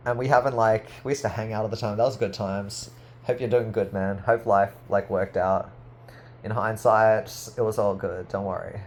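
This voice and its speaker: A man in a rambling personal monologue to camera, full of "like" fillers, swinging from loud boasting to low murmuring. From Australia. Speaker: artist vlogger.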